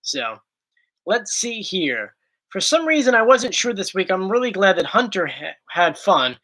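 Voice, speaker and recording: A man's voice: high-pitched, big pitch swings, a little slow, pushed and bright. A man hosting a casual question-and-answer chat, telling goofy stories in a playful way. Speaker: YouTube host.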